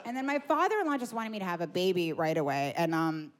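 A woman's voice: lowish voice, animated, fast, a crowd in the background. Foul-mouthed lady comic on stage, lots of likes, noisy live mic. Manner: brash, profane, filler-heavy. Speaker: stand-up comedian. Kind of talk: stand-up set.

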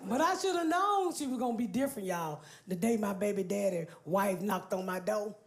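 A woman's voice: medium pitch, animated, brisk. A woman stand-up comedian telling a story on stage in a brash, profane way, talking straight to the crowd. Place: comedy stage before an audience.

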